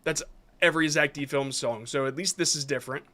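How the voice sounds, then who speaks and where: A man's voice: a little high, a little fast, bright, forceful tone. Casual man giving frank rambling advice. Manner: rambling, self-correcting, gives frank advice. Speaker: streamer reviewing viewers' shorts. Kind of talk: casual live-stream commentary.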